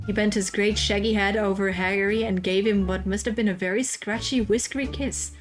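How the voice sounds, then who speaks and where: A woman's voice: mid-range voice, steady tone, fairly quick, few pauses, soft background music. A woman streamer reading a slang parody of a children's book aloud, swearing and laughing at the text. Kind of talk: casual comic read-aloud.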